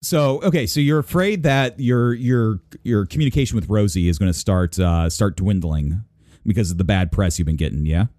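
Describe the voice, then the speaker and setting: A man's voice: lowish voice, normal speed, dark tone, no echo, studio quality. A man hosting a podcast in casual banter, teasing and crude, laughing often. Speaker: podcast host.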